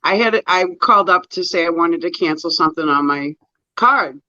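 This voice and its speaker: A man in casual chat, talkative and quick to laugh, telling stories. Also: on the high side, pushed and bright, no echo, muffled recording. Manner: chatty, laughs often.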